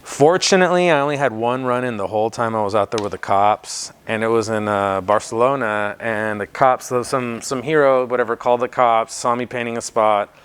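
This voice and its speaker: A man's voice: medium pitch, a little fast, few pauses, a bit bright, clean tone. A man, telling stories in a casual interview in a laid-back, slangy way and swearing freely. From United States. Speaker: interview guest, graffiti writer.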